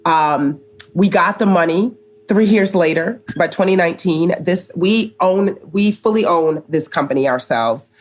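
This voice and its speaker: A middle-aged woman from the United States, speaking low as a podcast guest. She tells her story casually and brings each quoted person to life. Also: a little slow. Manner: animated storyteller, acts out quoted dialogue. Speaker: company co-founder, podcast guest.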